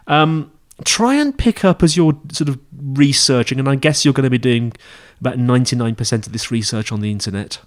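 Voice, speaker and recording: A man's voice: medium pitch, fairly quick, hardly any pauses. Male podcast host, casual teaching monologue, rambling and self-correcting. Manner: chatty, rambling, with frequent fillers and self-corrections.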